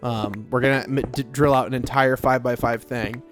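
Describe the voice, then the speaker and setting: A man's voice: mid-range voice, steady tone, a little fast, over music. A man giving casual, rambling commentary as he plays a video game, talking to himself with lots of filler words. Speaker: Let's Play creator.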